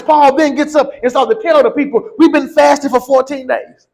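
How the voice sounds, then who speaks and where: A man preaching a sermon, reading scripture and then building to slow, emphatic shouted lines. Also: very high-pitched, fairly even intonation, rough recording.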